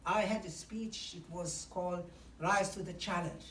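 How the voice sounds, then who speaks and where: Woman, fairly low voice, public speaking coach, numbered tips, echoey hall, recorded from a distance. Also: steady tone, normal speed, a bit bright, a little hiss or hum. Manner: instructive, numbered tips with acted examples. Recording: echoey hall from far off, faint ambience.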